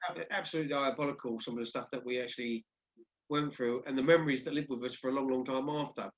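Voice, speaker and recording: A man's voice: mid-range voice, fairly even intonation, quick pace. A man hosting a casual discussion show, talking conversationally with frequent restarts. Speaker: host. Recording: dull lo-fi audio.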